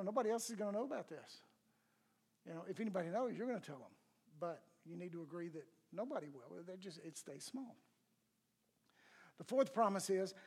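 Husky older man teaching a church class. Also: high-pitched, a little mellow. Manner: conversational, asks the audience questions. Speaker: pastor.

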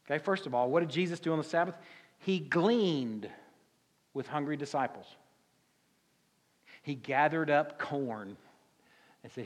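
A man's voice: on the high side, measured pace, pauses often, long reverb tail. A man with a Southern US accent preaching a sermon as pastor, in a conversational, folksy way with many rhetorical questions. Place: church sanctuary.

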